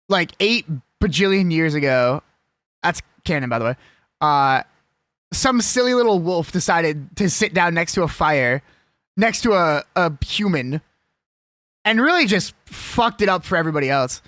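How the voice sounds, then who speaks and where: Streamer, casual live chat, jokey and combative, animated delivery, dry sound. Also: medium pitch, unhurried, no echo. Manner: ranting, swearing, argumentative; rambling, jokey.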